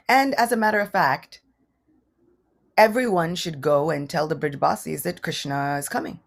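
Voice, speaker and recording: Woman teacher, scripture storytelling, expressive, low voice, gravelly. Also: moderate pace. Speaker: religious teacher. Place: temple.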